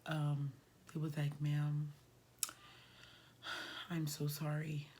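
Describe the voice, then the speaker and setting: A woman's voice: sits low, completely flat delivery, very slow, warm tone, slight background noise. A woman vlogger telling a personal story in a casual, conversational way, sometimes dropping to a near whisper.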